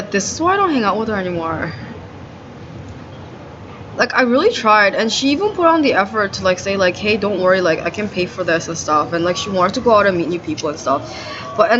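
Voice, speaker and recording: A woman's voice: medium pitch, a bit bright. A woman ranting in a video diary, venting her grievances in a profane, aggrieved way and saying "like" again and again. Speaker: video diarist. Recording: dull lo-fi audio with noisy background.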